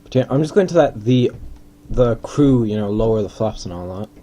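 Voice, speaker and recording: Man from Ireland, casual game host, dark mellow voice, faint hum in the background. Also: fairly low pitch, animated, normal speed. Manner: rambling, self-deprecating, thinking aloud. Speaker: gaming video host. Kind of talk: casual gameplay commentary.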